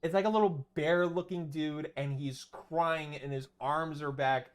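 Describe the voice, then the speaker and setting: A man's voice: on the high side, steady tone, a little slow, clean tone. A male streamer in a loose, chatty mode. He rambles, trips over his own sentences and swears freely while telling a story. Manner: rambling, swears, many restarts. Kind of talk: casual stream chat.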